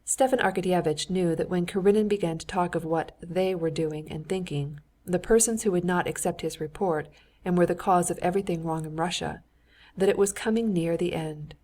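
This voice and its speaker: Woman narrator, lowish measured voice. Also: a little mellow. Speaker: audiobook narrator. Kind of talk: scripted narration.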